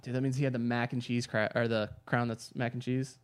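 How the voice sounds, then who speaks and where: A man's voice: mid-range voice, flat delivery, brisk, clean tone. Guy on a podcast, teasing, says dude constantly, casual. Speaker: podcast guest. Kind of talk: casual chat.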